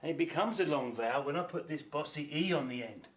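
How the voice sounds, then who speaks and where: A man's voice: fairly high pitch, animated, fast. A man with an Australian accent teaching a phonics lesson, patiently sounding out letters and words.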